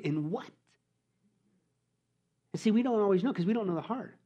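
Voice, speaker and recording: Male pastor mid-sermon, emphatic and colloquial, slightly high voice, peppers rhetorical questions. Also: expressive, normal speed, lo-fi sound. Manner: emphatic, rhetorical questions, swings loud and soft; colloquial preaching with mock voices. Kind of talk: expository sermon.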